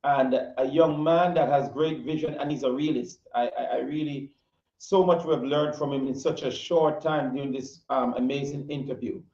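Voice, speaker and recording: A man hosting an interview, speaking haltingly with many pauses and fillers. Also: medium pitch, fairly even intonation, a little mellow, reverberant, lo-fi sound. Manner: halting, lots of fillers, laughs easily. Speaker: interview host.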